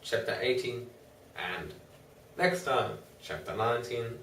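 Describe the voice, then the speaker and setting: A man reading an audiobook aloud in a slow, measured way. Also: medium pitch. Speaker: audiobook reader. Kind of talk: audiobook narration. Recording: roomy, distant mic, faint noise.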